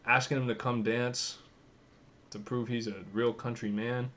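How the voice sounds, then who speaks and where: A man's voice: medium pitch, level tone, a little slow, a bit bright. A young man giving casual, offhand commentary, thinking aloud and swearing as he browses. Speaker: vlogger.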